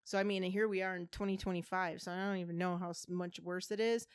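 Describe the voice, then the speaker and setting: A woman's voice: lowish voice, fast, smooth, no echo, clean studio sound. A woman in her forties co-hosting a podcast, telling a story with swearing and acted-out voices for the people in it. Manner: animated storyteller, acting out quoted voices, swearing freely. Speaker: podcast co-host. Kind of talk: casual chat, storytelling.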